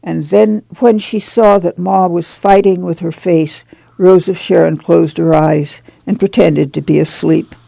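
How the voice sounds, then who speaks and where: A woman narrating an audiobook in a calm, even storytelling manner. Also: lowish voice, a little slow, vocal fry, no room sound.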